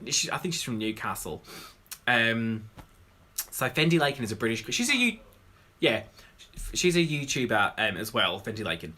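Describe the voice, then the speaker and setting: A man's voice: mid-range voice, big pitch swings, normal speed, pauses often, sharp tone. A man, a drag queen, hosting a casual livestream Q&A, rambling and greeting viewers by name.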